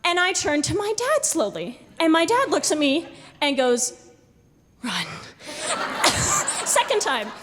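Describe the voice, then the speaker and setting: A young woman telling a true story live on stage to an audience, animated and laughing often as she acts out what people said. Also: extremely high pitch, slow pace. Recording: live hall recording with long reverb.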